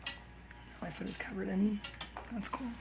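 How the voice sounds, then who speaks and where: A woman's voice: mid-range voice, fairly even intonation, normal speed, vocal fry, low-quality recording. A woman YouTuber talking in a rambling, stream-of-consciousness monologue, jumping between topics and dropping into whispered asides.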